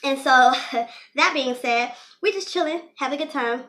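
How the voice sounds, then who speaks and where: A woman's voice: high voice, normal speed, pushed and bright. A young woman telling a personal story in a casual, rambling way, full of "you know" fillers. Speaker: storyteller vlogger.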